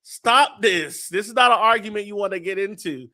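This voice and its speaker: Man, high voice, bright and forceful tone, animated, profane, casual fan-show host reading viewer comments. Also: normal speed. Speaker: podcast host.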